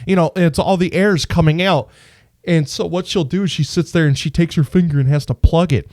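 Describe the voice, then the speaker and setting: Male co-host, animated storyteller with a lively voice, dry close sound. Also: a little high, normal speed, no room sound. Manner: animated storytelling, swears freely. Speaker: podcast co-host. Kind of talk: casual podcast chat.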